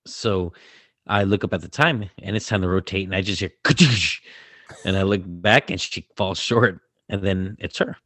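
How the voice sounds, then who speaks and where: Male podcast co-host, coach, animated storyteller, low voice, dry mic. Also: normal speed, dry recording. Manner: animated storyteller, acts out quotes loudly. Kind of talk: casual storytelling chat.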